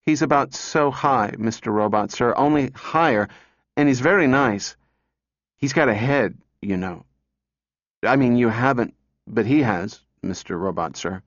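A man's voice: medium pitch, expressive, measured pace, no room sound. A man voicing a small girl who talks in an earnest, polite, breathless way. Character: small pleading girl searching for her robot. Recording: dull dry recording.

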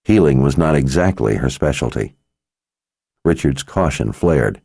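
A man narrating an audiobook in a measured, steady manner. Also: very deep voice, vocal fry, breathy edge, no echo, studio quality.

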